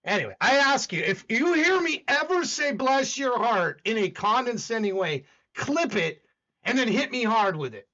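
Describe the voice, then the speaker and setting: A man's voice: extremely high pitch, sing-song, normal speed, bright, forceful tone, dull audio. A man from the American South with a Southern accent, hosting a casual livestream, rambling and arguing with his chat. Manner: rambling, talks back to chat, argumentative. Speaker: livestream host.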